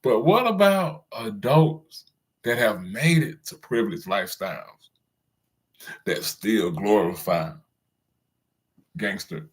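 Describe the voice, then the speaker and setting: A man's voice: fairly low pitch, expressive, slow, pauses often. A man hosting his own channel, delivering a loose, slangy commentary rant and chuckling at his own jokes.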